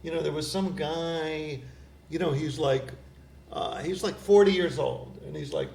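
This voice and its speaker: A middle-aged man, a poet guest, chatting casually in a wry, rambling way with a gravelly voice. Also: a little high, a little slow, darkish tone. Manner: wry, rambling storyteller with laughs. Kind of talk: casual chat. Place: community cable studio. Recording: roomy studio with faint hiss.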